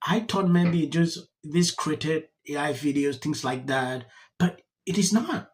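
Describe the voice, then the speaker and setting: A news channel narrator reading commentary in a stiff, halting way, stumbling over words. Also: medium pitch, darkish tone.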